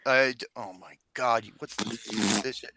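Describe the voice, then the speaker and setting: A man hosting a casual online chat, swearing loudly and breaking into frequent laughter and sudden outbursts. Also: medium pitch, normal speed, slight background noise. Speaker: podcast host.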